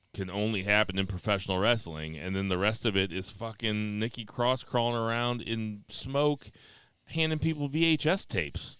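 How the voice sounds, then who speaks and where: Podcast co-host, male, lowish voice, bright and crisp, blunt deadpan delivery, dry close mic. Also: dry recording. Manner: blunt, swears freely, deadpan jokes. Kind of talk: casual wrestling podcast chat.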